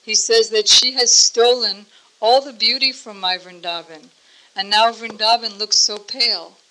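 Woman, religious teacher, slow deliberate delivery, bright clear tone, gentle storytelling. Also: a little high, steady tone, rough recording. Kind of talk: devotional storytelling talk.

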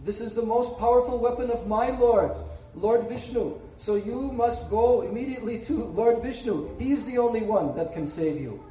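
A man's voice: very high-pitched, moderate pace, warm tone. A man voicing a solemn male god who firmly but regretfully refuses. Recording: echoey room, distant mic.

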